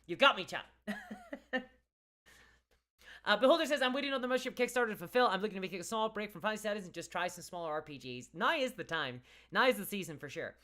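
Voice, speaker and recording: A woman with a softened Northern Irish accent, chatting casually on a livestream, reading out viewer comments with frequent restarts and laughs. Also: mid-range voice, expressive, quick pace. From Northern Ireland. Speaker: streamer.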